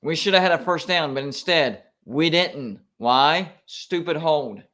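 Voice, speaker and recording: A man streaming live reactions to college football games, excitable and quick to complain like an emotional fan. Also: on the high side.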